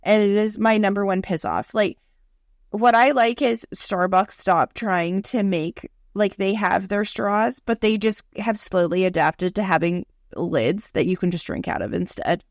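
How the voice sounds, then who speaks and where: A woman in her thirties co-hosting a podcast, chatting candidly with lots of swearing and animated storytelling. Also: medium pitch, a little slow, no room sound, studio quality. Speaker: podcast co-host. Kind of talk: casual chat.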